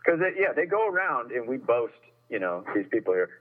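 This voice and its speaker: A man's voice: medium pitch, very animated, brisk. Rambling man on a tinny phone line. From Northern California. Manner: rambling, restarts a lot, complains. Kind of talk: casual chat.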